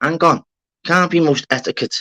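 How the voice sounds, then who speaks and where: A man hosting a casual live-stream chat, rambling, animated and swearing a lot. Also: fairly high pitch, normal speed, no room sound, low-quality recording. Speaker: channel host.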